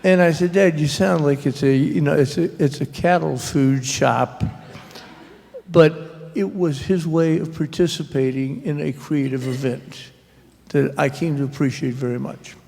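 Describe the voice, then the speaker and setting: Man, author, wry halting storyteller, gravelly edge, long hall reverb. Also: a little high, steady tone, darkish tone. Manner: anecdotal, wry, halting with fillers. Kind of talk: storytelling at a library author talk. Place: public library event hall.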